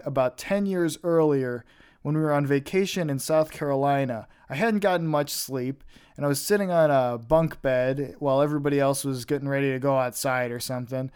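A man's voice: medium pitch, clean tone. A young man hosting a podcast, telling stories in a rambling, offhand way with casual swearing. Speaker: podcast host. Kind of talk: casual storytelling monologue.

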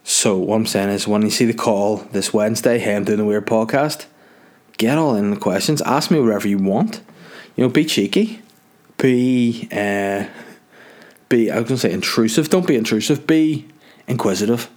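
A man's voice: fairly low pitch, moderate pace, a little mellow. Rambling Northern Irish podcast guy. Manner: rambling, jokey, self-mocking. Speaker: podcast host. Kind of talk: casual solo chat.

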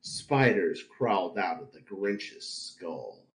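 A man's voice: deep voice, expressive, slow pace, roomy sound, low-quality recording. A man hosting a podcast, narrating fan fiction with laughing, theatrical delivery at a live convention panel. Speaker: podcast host.

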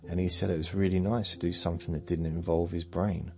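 A man, rambling slowly through a meandering bedtime monologue with muttered asides that trail off. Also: low voice, level tone, creaky, a little mellow. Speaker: sleep podcast host.

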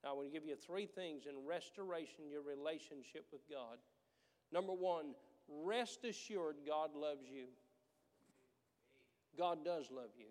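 A man's voice: a little high, unhurried, darkish tone, big-room sound. A man preaching a sermon as pastor, with a manner that builds into emphatic, repeated declarations. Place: church sanctuary.

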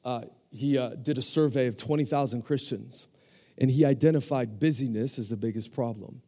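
Energetic pastor preaching in a reverberant hall. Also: male voice, medium pitch, normal speed. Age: 40s. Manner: energetic call-and-response preaching. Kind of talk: sermon.

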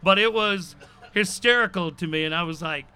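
A man's voice: sits high, normal speed, sharp tone, clean tone. A man co-hosting a live talk show, telling stories animatedly with laughter and swearing. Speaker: radio show co-host. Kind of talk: casual chat. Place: live show at a venue with a crowd.

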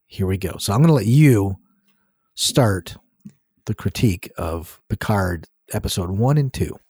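A man co-hosting a casual podcast with a husky voice whose pitch swings widely. He talks in halting starts and joking asides as he steers the chat, and the sound is dry and close. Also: lively intonation, a little mellow, no room sound. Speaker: podcast co-host.

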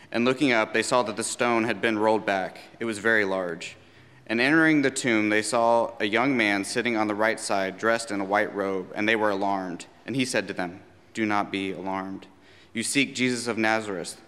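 A man reading a scripture passage aloud in church in a measured, solemn way. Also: lowish voice, a bit bright. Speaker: scripture reader. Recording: church hall reverb.

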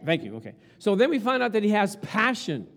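A man's voice: high voice, fairly quick. A man preaching a sermon as pastor, telling stories and acting out quotes with lots of passion. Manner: animated, storytelling with acted-out quotes.

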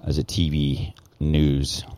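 Very deep-voiced man, profane and heated. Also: level tone, mellow. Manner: profane, heated, halting with many restarts. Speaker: guest, former news cameraman. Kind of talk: casual podcast storytelling.

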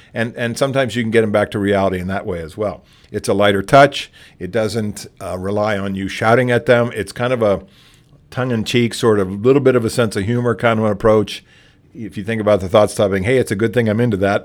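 Man, low voice, relaxed trainer delivering a practical workshop talk, plainspoken with frequent restarts. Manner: plainspoken, restarts often and acts out sample dialogue. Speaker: trainer on patron de-escalation.

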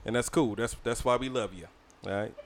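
A man's voice: mid-range voice, fairly quick, a little hiss or hum. A man hosting a casual podcast, chatting with friends, laughing often and mimicking people. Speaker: podcast host. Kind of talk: casual chat.

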